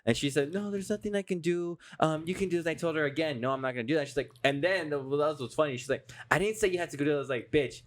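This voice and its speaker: A man's voice: a little high, rapid-fire, hardly any pauses. A man co-hosting a casual podcast, telling a heated story full of swearing. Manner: heated, profane ranting storyteller. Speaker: podcast co-host. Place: indoors, podcast recording.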